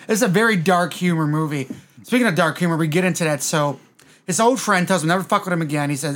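A man's voice: fairly high pitch, fast talker, a bit bright, a little hiss or hum. A man in casual chat, animatedly retelling movie scenes with lots of swearing and acted-out lines.

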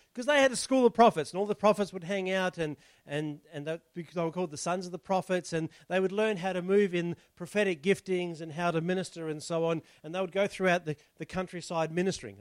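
High-voiced pastor preaching. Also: male voice, fast, few pauses, no room sound. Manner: chatty, explains the text and asks the congregation rhetorical questions. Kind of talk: conversational sermon.

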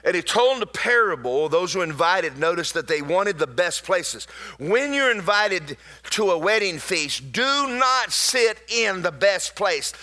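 A man preaching a sermon in a church, telling personal stories in an animated way, with sudden loud bursts and slowed, drawn-out emphasis. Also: sits high.

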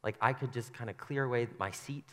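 A man's voice: medium pitch, fairly quick, pushed and bright, long reverb tail. A young man giving a casual, conversational sermon to a congregation in a church, playful and self-deprecating, often slipping into voices to act out scenes. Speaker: preacher. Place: church sanctuary.

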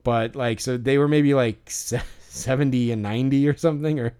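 A man's voice: medium pitch, fairly even intonation, normal speed, darkish tone, smooth. A man co-hosting a podcast, telling a story in a rambling casual way with lots of fillers and restarts. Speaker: podcast co-host.

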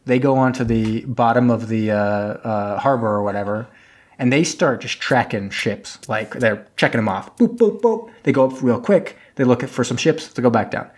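A man in casual chat, recapping a film at length and acting out the characters with jumps in pitch. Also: moderate pace. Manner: rambling retelling, acts out characters with pitch jumps. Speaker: podcast co-host.

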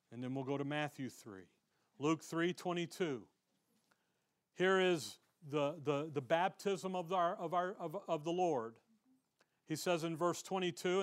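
A man with a notably high speaking voice delivers a church sermon. He reads scripture aloud and swings between forceful, loud emphasis and quiet, low asides. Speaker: pastor.

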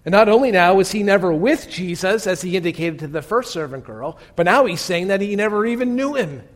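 A pastor with a high-pitched voice preaches, telling the story with drama. He often sinks into a hushed tone and turns to his listeners with direct questions. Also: lively intonation, fairly quick. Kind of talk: sermon.

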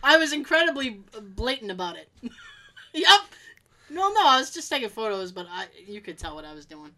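High, bright, animated woman. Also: fairly quick. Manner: animated, playful, laughs often. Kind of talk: casual chat.

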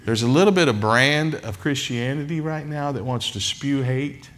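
A male pastor preaching a sermon in a church. He is emphatic, with dramatic pauses and heavy repetition. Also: medium pitch, fairly bright tone. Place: church sanctuary.

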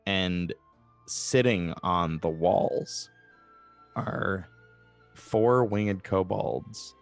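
A man's voice: low-pitched, extremely slow, gravelly, soft background music. A man narrating as game master of a tabletop game, in a loose, rambling way with many fillers.

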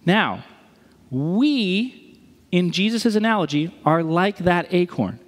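A man preaching a sermon in a conversational, animated way, acting out the voices he quotes. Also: sits high, slow pace. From Missouri. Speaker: pastor. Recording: reverberant hall.

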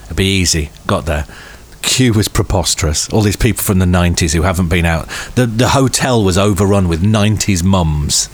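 A man's voice: normal speed, few pauses. A man co-hosting a comedy podcast, telling a long rambling anecdote in casual chat. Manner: rambling anecdote, slips into high squeaky voices for others. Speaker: podcast co-host. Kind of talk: comic storytelling chat.

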